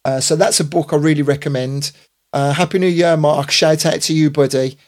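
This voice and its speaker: A man's voice: fairly high pitch, steady tone, fairly quick, a little mellow. A man in his fifties, a DJ hosting a casual live stream, rambling with lots of fillers and restarts. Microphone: computer or phone mic on a live stream.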